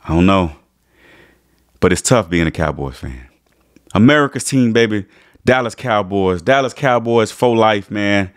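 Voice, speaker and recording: Stammering, animated male sports vlogger. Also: fairly low pitch, a little slow, long pauses. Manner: animated, stammering restarts, dramatic retelling. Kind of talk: emotional fan monologue.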